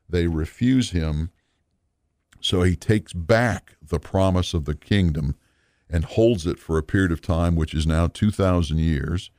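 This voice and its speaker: A man teaching a recorded Bible lesson in an earnest, measured, explanatory way. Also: low voice, darkish tone, no echo, studio quality.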